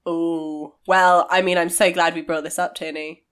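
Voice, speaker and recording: Woman cohost, lowish voice, dry jokey reactions. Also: little pitch movement, moderate pace, a bit bright. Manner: playful, dry quips. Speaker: podcast co-host. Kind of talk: casual podcast chat.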